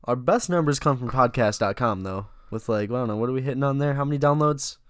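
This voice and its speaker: A man's voice: mid-range voice, fast talker, smooth, no room sound. Young man with dry joking asides. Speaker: podcast co-host. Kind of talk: casual banter.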